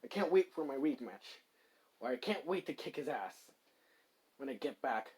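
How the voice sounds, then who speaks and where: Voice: medium pitch, lively intonation, normal speed, darkish tone, slightly rough, pitched below the performer's own voice. A fan storyteller voicing a cocky young male devil hero in a casual retelling, brash and eager, with an everyday voice.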